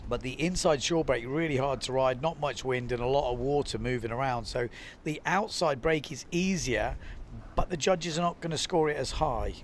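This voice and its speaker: Talking at a normal speed in a medium pitch, this young adult man commentates windsurfing live in a relaxed, chatty way. He keeps dropping "you know" and reads viewer comments aloud, while a slight hiss or hum runs under the recording.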